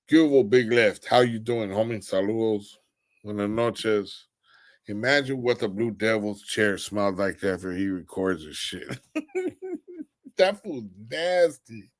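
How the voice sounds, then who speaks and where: A young man hosting a late-night live stream, worn out and ready for bed. His voice sits a little low as he trades crude, mocking jokes and reads out comments from his viewers. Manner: crude, mocking trash talk, often laughing. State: tired. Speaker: livestream host. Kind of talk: casual livestream chat.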